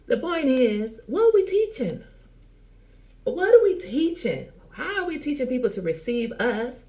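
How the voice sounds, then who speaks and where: A middle-aged woman hosting a casual live chat, teasing and animated, talking straight to her viewers by name. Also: high voice, a little slow. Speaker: host.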